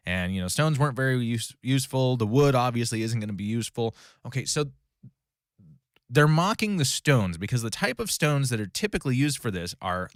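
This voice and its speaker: A man leads a relaxed Bible study in a mid-pitched voice, talking through a passage conversationally and often stopping to correct himself or ask "right?" The sound is close and dry, with little room in it. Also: no echo. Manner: conversational, frequent fillers and self-corrections, "right?" check-ins. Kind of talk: casual Bible study teaching.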